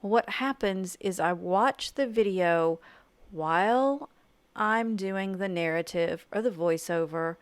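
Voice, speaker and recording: A middle-aged woman teaching art journaling in a casual, chatty voice-over, enthusiastic and quick with self-deprecating asides. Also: medium pitch, clean tone, no echo. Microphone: home voice-over mic.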